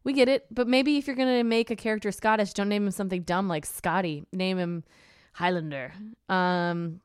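A young woman hosting a podcast, her voice smooth and resonant with a bone-dry, close sound. She talks in a sarcastic, animated way and laughs often. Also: medium pitch, normal speed, no room sound. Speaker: podcast co-host. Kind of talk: casual podcast chat.

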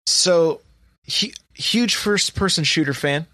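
A man's voice: on the high side, slow, pushed and bright, dry recording, clean studio sound. A man hosting a casual podcast, reading off sale prices with lots of fillers and chat. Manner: chatty, reads sale prices with many fillers. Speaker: podcast host.

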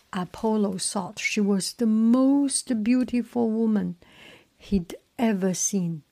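A woman in whispered storytelling, softly reading a myth and adding her own asides. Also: medium pitch.

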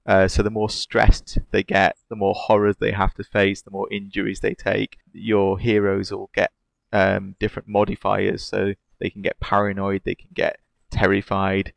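Male podcast co-host, low and gravelly, enthusiastic. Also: completely flat delivery, normal speed, no echo. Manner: enthusiastic, laughing often. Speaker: podcast co-host discussing games. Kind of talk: casual chat.

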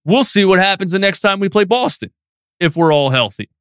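A man's voice: high voice, animated, brisk, a bit bright, clean tone, no echo, studio quality. A man hosting a live post-game sports stream, reading chat questions and ranting with feeling. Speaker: sports podcast host.

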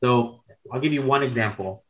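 A man's voice: mid-range voice, normal speed, a bit bright, low-quality recording. A man in his thirties telling candid, rambling stories as a podcast guest, with casual swearing and self-corrections. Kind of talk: casual storytelling chat.

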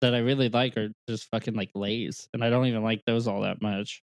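A man's voice: fairly low pitch, fairly even intonation, brisk, no room sound. Joking man with a dry close sound. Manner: joking, swears casually. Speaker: podcast co-host. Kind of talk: casual chat.

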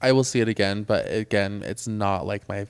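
A man's voice: on the low side, normal speed, gravelly, smooth, no echo. A young man co-hosting a podcast, chatting casually and gushing in agreement. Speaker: podcast co-host. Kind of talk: casual chat.

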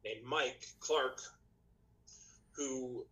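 A man, a podcast guest and musician, telling his story in casual chat, rambling with many restarts, his voice slightly rough tonight. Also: mid-range voice, extremely slow, sharp tone, poor audio. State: slightly rough voice, clearing throat.

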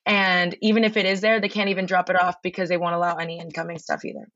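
A woman as a podcast guest, telling a long story in a rambling, excitable way with lots of swearing and restarts, over a remote call. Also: lowish voice, quick pace, no echo, highs cut off. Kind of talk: casual storytelling chat.

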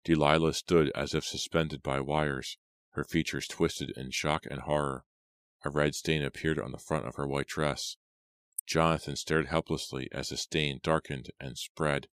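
Super deep guy reading a spooky audiobook, smooth voice, dry close sound. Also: level tone, no echo. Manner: acts out characters' lines louder and slower. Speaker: audiobook narrator.

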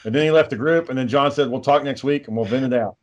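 Profane rambling podcast host. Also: male voice, mid-range voice, quick pace, dull audio. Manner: profane, rambling, reads out texts. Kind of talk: casual podcast chat.

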